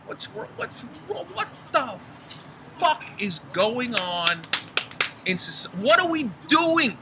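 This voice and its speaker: Speaking slowly in a very high-pitched, sing-song voice, this middle-aged man co-hosts a podcast and rants with heat and profanity in a casual conversation. The backyard recording picks up clear outdoor noise.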